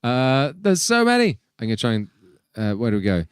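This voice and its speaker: A man's voice: mid-range voice, brisk, smooth, no room sound, clean studio sound. A man hosting a band's livestream, reading out viewers' messages in a casual, upbeat way. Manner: lively, upbeat, reads names in bursts. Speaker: band member hosting a livestream.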